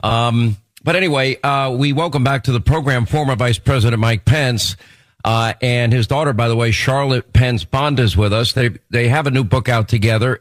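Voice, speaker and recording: In a dry recording, a middle-aged man with a New York accent runs a radio talk show. He rambles through a radio interview, often restarting what he's saying, in a medium-pitched voice at a normal speed.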